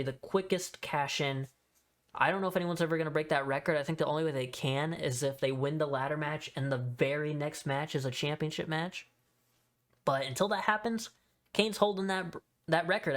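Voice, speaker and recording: On his solo podcast, a man with a fairly bright, higher-pitched voice talks through a recap. He's loose and rambling, with lots of fillers and casual cursing.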